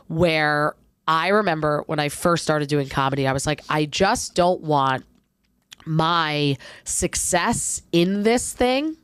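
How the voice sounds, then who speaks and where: Podcast co-host, woman in her thirties, low and smooth, dry close sound, reflective chat. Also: no echo. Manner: reflective, talks in long searching runs. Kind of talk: casual chat.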